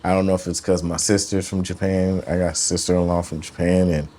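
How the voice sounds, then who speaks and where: A man with a very deep, low-pitched voice talks loosely and casually as a studio interview guest. He drifts between thoughts, trails off and picks back up in relaxed slang. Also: fairly quick. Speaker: musician guest.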